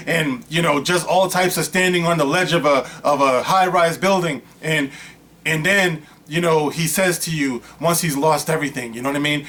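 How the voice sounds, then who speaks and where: A man with a fairly high-pitched voice delivers a loose, rambling rant straight to his audience. He talks casually, piling on asides and winding tangents as he builds his point. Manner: animated, rambling, storytelling with many asides. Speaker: vlog host.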